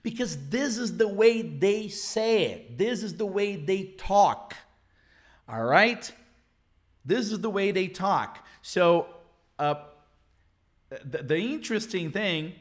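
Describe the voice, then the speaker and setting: Slow-talking Brazilian man teaching English. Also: sits high. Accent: Brazilian Portuguese. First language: Portuguese. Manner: repeats phrases slowly, mixes in Portuguese explanations. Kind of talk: live online English lesson.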